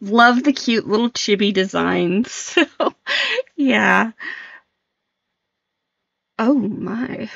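A woman's voice: mid-range voice, drawn-out words, gravelly, long pauses, a bit bright, no echo, lo-fi sound. A woman streamer chatting casually on a live stream, giggly and flustered, laughing often as she reacts.

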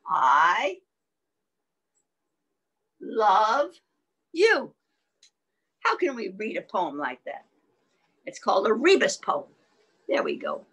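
A woman's voice: mid-range voice, huge pitch swings, moderate pace, long pauses, a bit bright, husky. Sing-song woman reading to toddlers. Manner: sing-song, asking children questions. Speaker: children's storyteller. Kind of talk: reading a picture book to toddlers.

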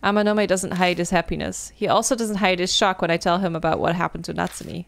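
A woman reading a visual novel aloud as she plays, breaking into loud, animated exclamations and swearing. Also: fairly low pitch, quick pace, vocal fry, dry recording. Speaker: gaming video creator.

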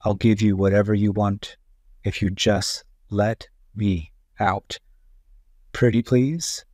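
Man voicing a deep, gloating storybook monster, huge and ugly, menacing and booming. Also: steady tone, slow pace, darkish tone, no echo, clean studio sound. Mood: false pleading. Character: huge ugly male monster released from a bottle.

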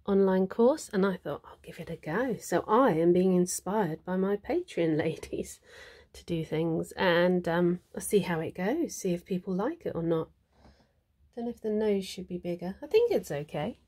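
A woman's voice: fairly low pitch, animated, moderate pace, darkish tone, breathy edge. Chatty woman showing her crafts. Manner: chatty and chirpy, lots of ums, thinks aloud about her work. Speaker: needle felting vlogger. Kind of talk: casual studio vlog.

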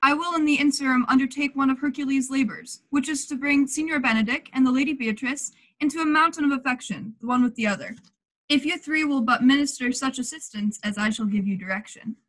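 A genial, scheming prince, played by a teenage girl, stately and fond of matchmaking. The voice is high. It comes over a home video call for a school play. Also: fairly quick, fairly bright tone. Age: late teens. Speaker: student actor.

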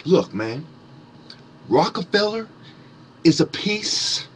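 A man ranting angrily to camera with heavy swearing and mocking sarcasm, his voice swinging between loud outbursts and low muttering. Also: expressive, unhurried, slightly rough. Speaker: conspiracy vlogger. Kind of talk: angry profane rant to camera.

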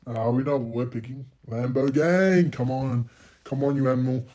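A man's voice: medium pitch, level tone, brisk. Foul-mouthed young man commentating a race. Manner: profane, self-mocking, bursts into loud exclamations. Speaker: gaming channel host. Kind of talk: racing game commentary.

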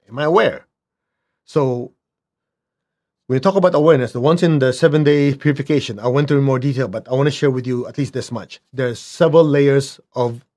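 A man teaching a spiritual lesson, who often checks in with his listeners and acts out little dialogues with big swings in pitch. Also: darkish tone. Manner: asks listeners to check in, "okay?", "make sense?".

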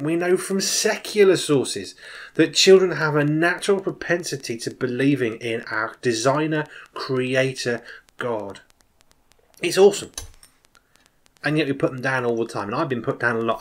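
A man in his forties, a children's minister, giving an informal, animated personal testimony as a sermon, with emphatic swings in loudness. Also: on the high side.

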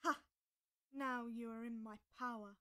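A woman's voice: on the high side, fairly even intonation, unhurried, bright, forceful tone. A woman voicing a huge, fierce male knight in a storybook reading, with a snarling, menacing delivery.

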